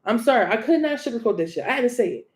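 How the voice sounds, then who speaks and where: A woman's voice: fairly high pitch, lively intonation, very fast, darkish tone. Blunt, profane woman tarot reader. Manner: blunt, profane, laughing, emphatic. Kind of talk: casual tarot reading rant.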